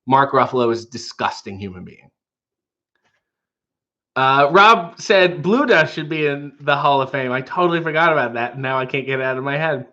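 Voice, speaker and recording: A man's voice: mid-range voice, expressive, normal speed, pushed and bright, lo-fi sound. A man hosting a casual comedic stream, reading chat comments and comics aloud with dry, offhand joking asides. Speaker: streaming show host.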